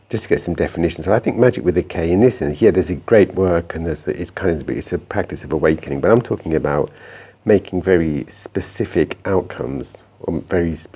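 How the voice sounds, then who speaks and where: A man's voice: a bass voice, dark tone, slightly rough, dull audio. A man telling a reflective personal story in a meandering, conversational way, often restarting his sentences. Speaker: vlogger.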